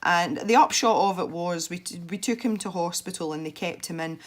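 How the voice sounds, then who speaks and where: A young woman with a congested, stuffy voice, chatting softly as she narrates her colouring. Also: lowish voice, normal speed. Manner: soft-spoken, chatty and self-deprecating. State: congested from a head cold. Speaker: colouring video host. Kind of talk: relaxed colouring commentary.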